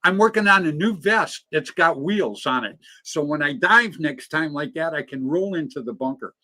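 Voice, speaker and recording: A man's voice: fairly high pitch, expressive, moderate pace, bright, forceful tone. A middle-aged man co-hosting a live talk show in casual, jokey banter. He rambles and laughs easily. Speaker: co-host of a live paintball show.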